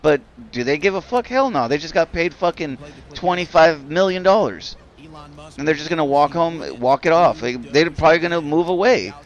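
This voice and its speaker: A man's voice: fairly high pitch, lively intonation, normal speed, lo-fi sound. A man streaming a game and ranting in a rambling, profane way, filling his talk with "like". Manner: rambling, profane, heavy use of "like". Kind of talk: casual rant while gaming.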